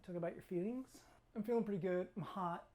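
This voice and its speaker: A middle-aged Californian man hosts his own casual cooking vlog, rambling chattily and cracking self-mocking jokes. His voice is high-pitched and somewhat dark, he talks fast, and at times he speaks while eating.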